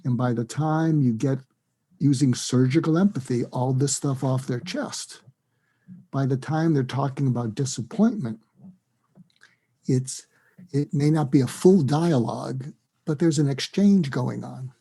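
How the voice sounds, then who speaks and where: A man, a psychiatrist, giving advice in an interview, acting out lively example dialogues. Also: mid-range voice, unhurried, husky. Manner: animated, acts out dialogue in quoted voices. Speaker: psychiatrist and guest.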